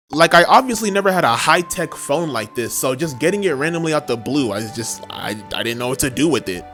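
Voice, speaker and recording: A man's voice: medium pitch, pushed and bright. A young man narrating a comedic story from his school days in a casual, slangy, self-mocking way. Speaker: storytime vlogger. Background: music.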